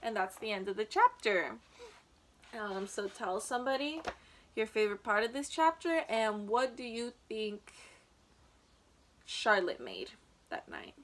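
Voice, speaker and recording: A woman reads a children's chapter book aloud in a gentle teacher's manner, now and then stumbling and restarting a word. Her voice sits a touch high. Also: sing-song, unhurried, long pauses, a little hiss or hum. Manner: gentle, with small slips and restarts.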